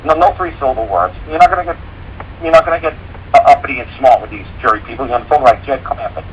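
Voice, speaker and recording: A man from a rural mountain area guests on a radio show, talking casually in a blunt, folksy, profane style and explaining things through homespun stories. His voice is mid-range and he talks fast, on dull audio with slight background noise.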